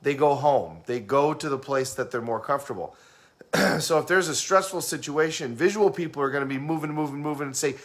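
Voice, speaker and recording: A man in a casual teaching talk who explains communication styles, asks the listener questions and acts out fast and slow talkers. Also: fairly high pitch, a bit bright.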